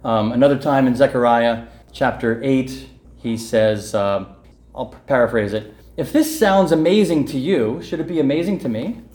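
A man's voice: mid-range voice, expressive, moderate pace, darkish tone. A man preaching a sermon, reading scripture aloud and then explaining it with earnest, emphatic exhortation. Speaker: pastor. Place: church in North Jersey. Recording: echoey room.

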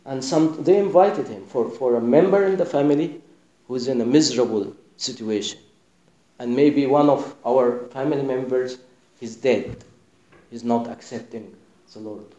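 A man preaching a sermon with passion, dropping to a hush and then rising loud. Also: mid-range voice, normal speed, roomy sound, lo-fi sound. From Sudan. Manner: impassioned, swinging between hushed and loud.

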